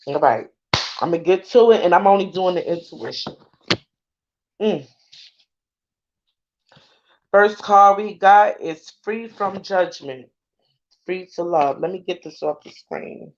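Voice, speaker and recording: A woman's voice: lowish voice, unhurried, pauses often, a little mellow, muffled recording. A woman spiritual card reader in casual livestream talk, emotional and earnest, often checking that listeners follow her. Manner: emotional and earnest, keeps asking if you follow.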